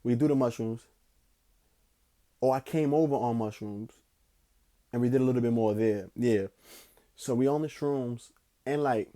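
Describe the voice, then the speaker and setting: Young male podcast host, low-key mellow tone, loose profane storyteller, drawls then gets hyped. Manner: loose, slangy and profane, swings between slow musing and excited bursts. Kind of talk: casual rambling storytelling.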